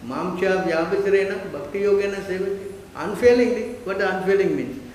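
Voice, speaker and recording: A man's voice: sits high, fairly quick, a little mellow, a little hiss or hum. A man giving a devotional class, emphatic and full of rhetorical questions, checking often that listeners understand. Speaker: spiritual teacher. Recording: echoey hall.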